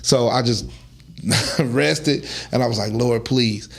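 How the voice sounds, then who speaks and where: Man telling a story with lively quoted voices. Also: medium pitch, slow pace, vocal fry. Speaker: guest. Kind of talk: casual storytelling interview.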